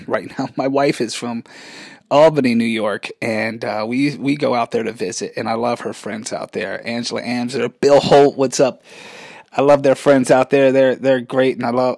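A man's voice: medium pitch, vocal fry, a little mellow, no room sound. A man, hosting a casual rant vlog in a rambling, sarcastic way, often cutting himself off mid-sentence. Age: 40s. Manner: rambling, sarcastic, self-interrupting. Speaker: vlog host.

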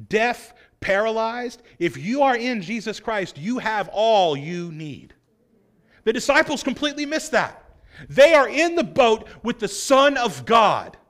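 A man preaching a sermon in an earnest way, pressing his points with rising emphasis. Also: high-pitched. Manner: earnest, acts out quoted voices, rising emphasis.

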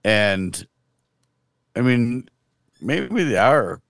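A man's voice: mid-range voice, sing-song, very slow, vocal fry, a bit bright, dry recording. A man co-hosting a podcast, chatting casually and reflectively about faith, often trailing off mid-thought. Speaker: podcast co-host.

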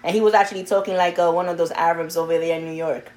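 A woman's voice: lowish voice, steady tone, fast talker, darkish tone. A woman co-hosting a podcast, asking a guest questions in a chatty, laughing way and now and then dropping in Spanish words. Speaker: podcast co-host. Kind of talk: casual podcast interview.

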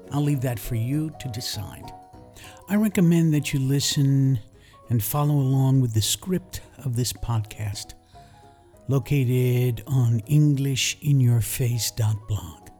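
A middle-aged man with a New York accent reads his English lesson podcast in a calm, explanatory way. His voice sounds warm and mellow, with touches of dry humor. Faint music plays behind him. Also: medium pitch. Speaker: English teacher and podcast host.

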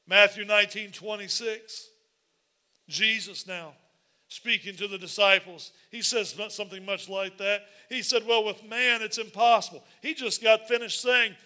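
Man preaching a sermon, sharp bright tone, gets loud and repeats himself. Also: sits high. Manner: animated, repetitive preaching that builds to shouts. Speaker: pastor.

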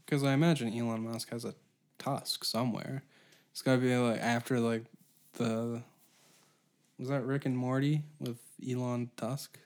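A man's voice: mid-range voice, little pitch movement, unhurried. A man from Canada hosting a solo comedy podcast, rambling and profane as he riffs off the cuff. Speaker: podcast host.

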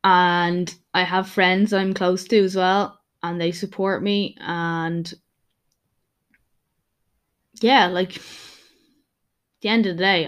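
A young woman who is a personal trainer hosting her own podcast, talking candidly in a rambling, casual monologue full of restarts. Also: medium pitch.

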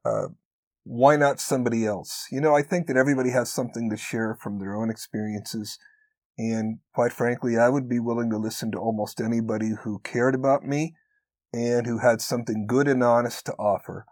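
A man's voice: medium pitch, steady tone, no echo. Earnest encouraging man, dry close sound. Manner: earnest, encouraging, slows down to stress key points. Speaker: podcast co-host. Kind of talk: conversational podcast talk.

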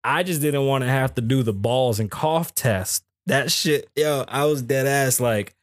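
A man's voice: medium pitch, unhurried, dry recording. A man hosting a live podcast in a small studio, chatting casually into a microphone, joking, swearing and rambling from topic to topic. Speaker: podcast host. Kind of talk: casual live show chat.

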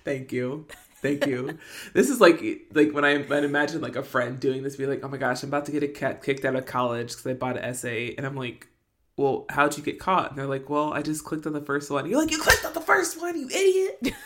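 A woman's voice: very deep voice, steady tone, a little fast. A woman in her thirties co-hosting a podcast, chatting casually with laughing, exaggerated retellings. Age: 30s. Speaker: podcast co-host. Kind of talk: casual rewatch chat.

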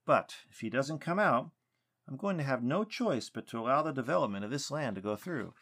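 A polite, hesitant grown man on the case, pitched clearly higher than the teller's own voice, as a male narrator puts him on. He stumbles over fillers and stays courteous even when firm. The voice carries lively rises and falls. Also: normal speed, exaggerated voice. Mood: stern. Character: earnest adult male investigator, hesitant.

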